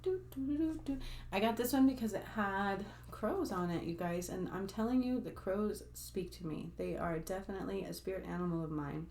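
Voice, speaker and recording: This spiritual healer talks to her viewers on camera in a mid-range, gravelly, slightly mellow voice, going a little fast with hardly any pauses. Her casual chatter rambles, packed with fillers and side remarks to the audience, and there's slight background noise.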